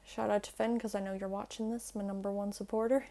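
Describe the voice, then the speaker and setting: A woman's voice: mid-range voice, little pitch movement, warm tone. Chatty young woman teaching pronunciation. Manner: chatty, self-deprecating, slows down to demonstrate sounds. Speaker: language-learning YouTuber. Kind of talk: explaining pronunciation to camera. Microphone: earphone mic plugged into a phone.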